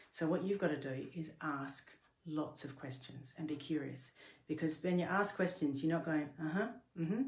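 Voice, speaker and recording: A middle-aged woman with a low voice gives a workplace training talk. She explains earnestly and patiently, now and then stumbling and restarting a phrase. The room around her rings with a noticeable echo. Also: darkish tone. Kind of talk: instructional talk to camera. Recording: roomy echo.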